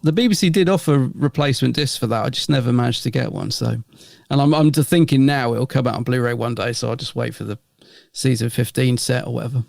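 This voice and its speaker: A man's voice: mid-range voice, fast talker, creaky, hardly any pauses, a little mellow, no room sound, clean studio sound. A man co-hosting a podcast, chatting in a rambling way and chuckling often. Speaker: podcast co-host. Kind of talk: casual review chat.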